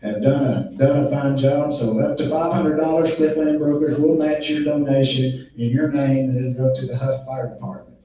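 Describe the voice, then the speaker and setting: A man running a land auction, his voice a little strained, switching between plain folksy announcements and a rapid rhythmic bid chant. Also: medium pitch, steady tone. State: strained voice from illness. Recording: echoey muffled room recording from a distance.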